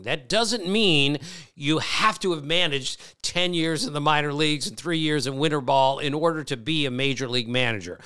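A man's voice: medium pitch, sharp tone, clean tone. A middle-aged man hosting a podcast, telling stories in casual chat and laughing often. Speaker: podcast host, baseball reporter.

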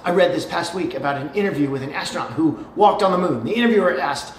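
A man in his forties preaching a sermon in a church, animated and checking in with the congregation with a frequent "okay?". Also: on the high side, fast, hardly any pauses. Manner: animated, repeats "okay?" to the crowd. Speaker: pastor. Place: church hall. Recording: roomy church hall.

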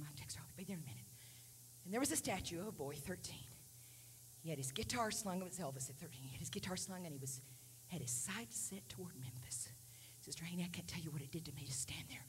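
A woman preacher giving a Pentecostal sermon in a church, dropping to hushed whispers while telling a story and rising to loud shouts as she preaches. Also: on the low side, lively intonation, quick pace. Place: church sanctuary. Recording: live sermon in a reverberant hall, faint hum.

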